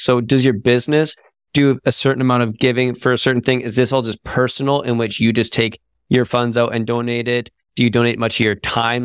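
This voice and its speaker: A man's voice: mid-range voice, clear, resonant tone, no echo, clean studio sound. A man hosting a podcast, asking questions in a casual, enthusiastic way with effusive praise. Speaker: podcast host.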